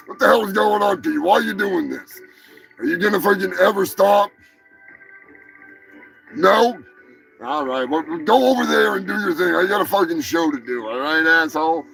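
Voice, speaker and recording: A man hosting a crude comedy show, rambling and swearing, with sudden yelling outbursts. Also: high voice, vocal fry, low-quality recording.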